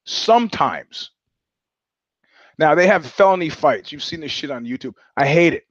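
A man's voice: a little high, expressive, normal speed, no echo, dull audio. Blunt, profane male podcast host. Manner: blunt, profane storytelling with frequent restarts. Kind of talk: casual monologue.

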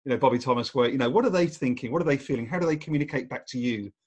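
A man's voice: medium pitch, rapid-fire, husky. A man hosting a podcast interview, enthusiastic and restarting his sentences as he asks questions. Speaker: podcast host. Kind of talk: casual interview chat.

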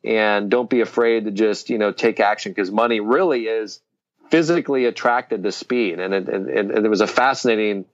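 A man's voice: fairly low pitch, moderate pace, lo-fi sound. A man co-hosting a casual business chat, rambling with lots of fillers and restarts. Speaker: podcast co-host.

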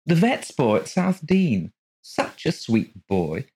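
Male reader as an odd, vague middle-aged woman, voice pitched well up, absent and evasive. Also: big pitch swings, takes it slowly, a little mellow, slightly rough, heavily acted.

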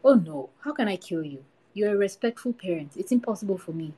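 A woman's voice: mid-range voice, expressive, fairly quick, mellow, slightly rough. A woman voicing a naive, polite orphan boy who pleads in a folktale reading.

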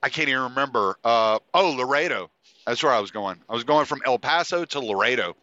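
This podcast host, a man with a medium-pitched, expressive voice, talks briskly in a bright, forceful tone. He sounds congested and sniffly as he rambles through a casual monologue, swearing freely, using frequent fillers and restarting sentences. The recording is dry and lo-fi.

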